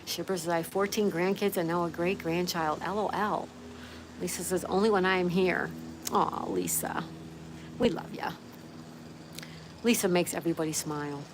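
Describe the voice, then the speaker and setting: With background noise around her, a woman with a lowish voice hosts a casual outdoor livestream that has a view. She reads viewer comments aloud and answers them in a friendly manner.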